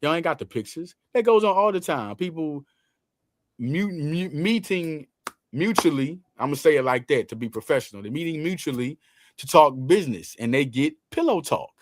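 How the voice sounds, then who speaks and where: A man hosting a casual sports talk show, talking in loose slang with lots of quick restarts. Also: a little high, expressive.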